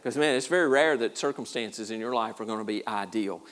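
A man's voice: lowish voice, a little fast, fairly bright tone. A man preaching a sermon as pastor, in a folksy, self-deprecating way with a lot of repeated words. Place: church.

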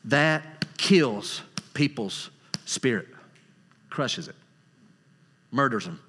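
A man's voice: mid-range voice, lively intonation, very slow, fairly bright tone, slightly rough. A man preaching a sermon as pastor, earnest and emphatic, repeating key words for weight. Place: church sanctuary. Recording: long hall reverb, church sanctuary.

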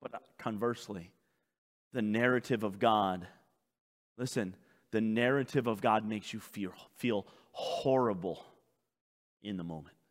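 A man preaching a sermon as pastor, swinging between loud urgent calls and hushed intense passages. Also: lowish voice, a little slow, pauses often, in a large hall.

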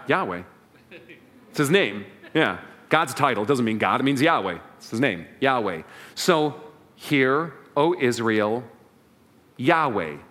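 A man's voice: mid-range voice, very animated, takes it slowly, long pauses, fairly bright tone. A man preaching a sermon as pastor, leading the congregation in call and response. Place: church sanctuary.

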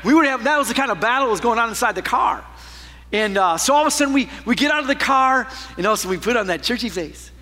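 A man preaching a sermon as a pastor, telling a personal story with animated swings from loud to hushed. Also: very high voice, quick pace, long reverb tail.

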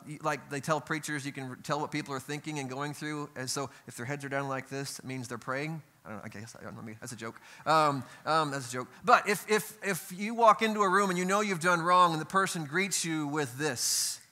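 A middle-aged pastor delivers a sermon in a church, speaking in a conversational way with frequent asides and rhetorical questions. His voice is bright and forward, pitched slightly above average for a man. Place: church sanctuary.

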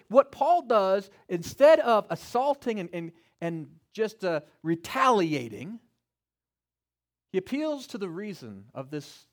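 A male pastor preaching with a high voice that swings widely from low asides to soaring peaks. He speaks in the first person for the figures in his text and climbs louder as his point builds. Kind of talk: sermon.

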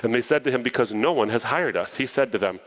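Speaking quickly at a medium pitch, a preacher reads a parable during his sermon and keeps stepping away from the text for casual explanatory asides. The delivery is animated, but the audio is poor.

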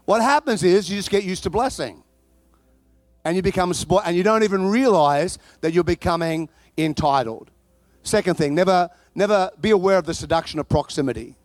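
A man preaching a sermon, telling a story with animated energy that bursts into shouting. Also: high-pitched, fairly quick, dry recording.

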